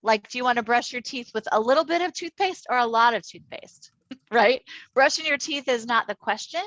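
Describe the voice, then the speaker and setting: A middle-aged woman from Minnesota leading an online workshop on inclusive education, enthusiastic and chatty with quick asides. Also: on the high side, a bit bright, no echo, dull audio. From Minnesota, United States. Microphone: computer mic on a video call.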